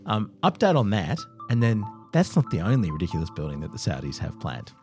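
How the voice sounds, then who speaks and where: A man's voice: lowish voice, very animated, a little fast, darkish tone, faint music behind. A man co-hosting a podcast, chatting casually and teasing his co-host with dry jokes. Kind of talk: casual chat.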